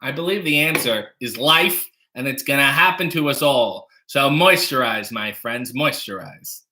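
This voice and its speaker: A man's voice: medium pitch, animated, normal speed, pushed and bright. A man hosting a casual livestream from his home kitchen, reading viewer donations and tossing off dry, wry jokes while making coffee. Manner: wry, dry joking asides.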